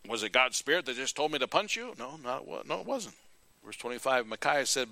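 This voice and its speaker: A male preacher giving a sermon, retelling scripture in an animated, folksy storytelling way. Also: mid-range voice, a little fast, vocal fry, no echo.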